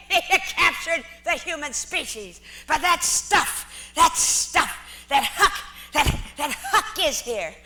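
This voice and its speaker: A woman impersonating a fiery, rambling old storyteller, his speech pitched very high and piercingly bright. He talks slowly and deliberately, circling back on the same phrases and bursting into shouts to drive his point home. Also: animated, full character voice. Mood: impassioned. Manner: impassioned, repeats phrases, shouts for emphasis. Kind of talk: impression performed on stage.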